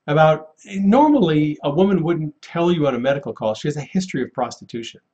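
A man telling a faith testimony from his paramedic work, animated and laughing often as he acts out the voices he quotes. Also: fairly high pitch, brisk, highs cut off. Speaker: paramedic and guest sharing a testimony. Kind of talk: casual storytelling testimony.

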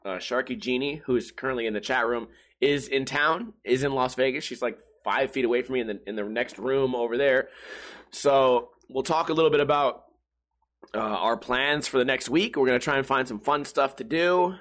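A man's voice: medium pitch, normal speed, a bit bright. Profane joking man hosting a podcast. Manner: profane, joking, exaggerated storytelling with mock voices. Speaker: podcast host. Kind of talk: casual comedic podcast rant. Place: home room.

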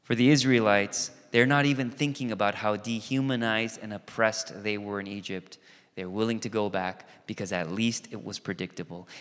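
A man preaching a sermon as pastor, animated and conversational, acting out quoted voices and asides. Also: medium pitch. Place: church sanctuary. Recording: long reverb of a church hall.

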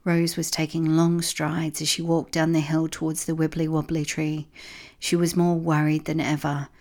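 A woman narrating a children's storybook in a steady, unhurried reading voice. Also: low-pitched.

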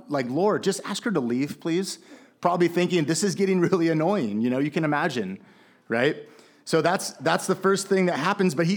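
A man preaching a sermon in a casual, conversational way, with many fillers and restarts. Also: fairly high pitch. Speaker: pastor.

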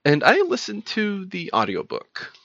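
A man's voice: high voice, wildly swooping pitch, unhurried, gravelly, pushed and bright, dry recording, lo-fi sound. Guy cohosting a podcast, jokey and laughing a lot, dead dry sound. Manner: playful, laughs often. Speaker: podcast co-host. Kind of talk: casual chat.

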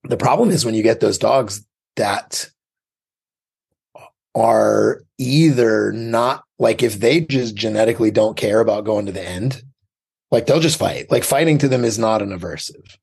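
A man's voice: lowish voice, a little slow, gravelly, darkish tone, husky. A man who trains dogs, a guest on a podcast, talking emphatically and swearing freely. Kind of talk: casual conversation.

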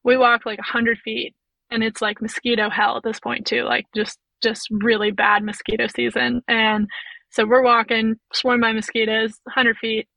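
A woman's voice: fairly high pitch, little pitch movement, moderate pace, vocal fry, bright, forceful tone, no room sound, low-quality recording. A young woman telling a hiking story as a podcast guest, chatty and full of "like" and "you know". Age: young adult. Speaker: podcast guest, physiotherapist and through hiker. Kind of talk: casual storytelling.

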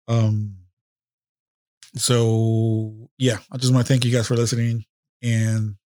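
A male podcast host speaks off the cuff, rambling and swearing raw emotion. His voice is gravelly and fairly flat in pitch. The close mic sounds dry, no room echo. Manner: emotional, profane, rambling with restarts. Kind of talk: casual unscripted podcast monologue.

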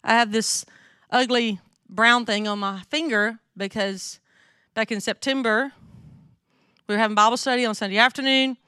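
A woman's voice: fairly high pitch, fairly even intonation, moderate pace, sharp tone, smooth, dry recording, clean studio sound. A middle-aged woman from the American South with a Southern accent, giving a chatty, candid sermon to a women's gathering and often checking in with her listeners. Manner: chatty, candid, asks the audience questions. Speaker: women's ministry speaker. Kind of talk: conversational sermon.

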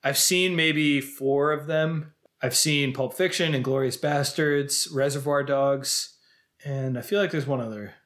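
Male podcast co-host, mid-pitched voice, casual and chatty, quick to laugh. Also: fairly even intonation, fairly bright tone. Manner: chatty, laughs easily, lists films. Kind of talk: casual film chat.

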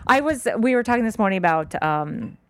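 A woman in casual conversation, blunt and unfiltered, swearing as she goes. Her pitch swoops all over the place, and the recording is dry and close. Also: brisk, smooth, no room sound. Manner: blunt, profane, animated. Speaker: podcast co-host. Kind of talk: casual political chat.

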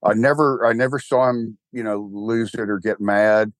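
A man's voice: lowish voice, steady tone, normal speed, no room sound. Older texan guy rambling in a chat, wry, lots of restarts, dry close sound. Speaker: guest, church co-founder. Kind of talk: casual interview chat.

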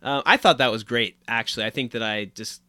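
A man's voice: medium pitch, a little fast, bright, forceful tone, no room sound. A man co-hosting a casual podcast, reading out a listener email and chuckling often as he goes. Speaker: podcast co-host.

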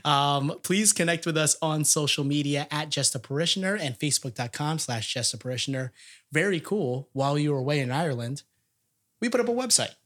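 A man's voice: a little high, animated, brisk, fairly bright tone. A young adult man hosting a casual podcast, upbeat and chatty, laughing often. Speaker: podcast host.

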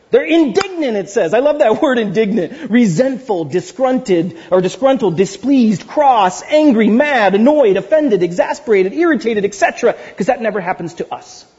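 A man preaching a sermon, animated and playful, with frequent asides and words repeated for emphasis, heard on a dull lo-fi recording. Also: high voice, breathy edge. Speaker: pastor.

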